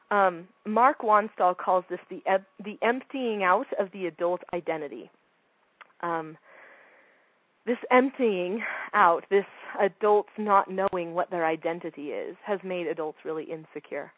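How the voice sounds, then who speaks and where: Breathy woman talking on parenting, punchy questions, dry dull sound. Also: on the low side, dry recording. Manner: emphatic, fires rhetorical questions. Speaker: speaker on parenting. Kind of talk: talk to an audience.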